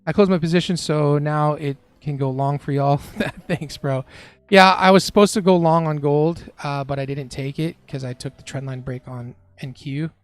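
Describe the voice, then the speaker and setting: Laid-back young man, fairly high voice. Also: fairly even intonation, moderate pace, no room sound. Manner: laid-back and chatty, laughs often. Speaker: day trader streaming live. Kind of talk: casual live-stream commentary, reading chat.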